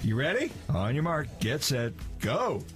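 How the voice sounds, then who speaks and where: Man, jovial radio co-host, hugely swooping pitch, music under voice. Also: very animated, measured pace, a bit bright. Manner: jovial, game-show countdown. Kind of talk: upbeat radio host patter.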